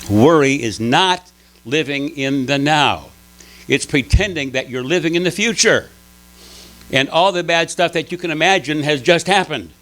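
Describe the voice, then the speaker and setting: A man giving a conversational sermon at a spiritual center, telling stories with lively pitch swings and frequent restarts. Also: moderate pace, rough recording. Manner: animated storytelling, frequent restarts.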